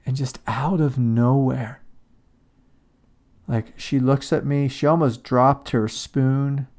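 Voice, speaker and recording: A man giving a calm, reflective spiritual talk as a teacher. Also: mid-range voice, slow. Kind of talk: satsang talk on shadow work.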